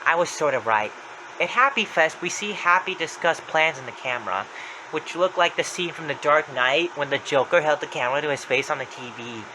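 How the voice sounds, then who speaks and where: A man's voice: fairly high pitch, expressive, a little fast, background noise. A young man retelling a creepy story in a plain, running recap with small slips. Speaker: narrator.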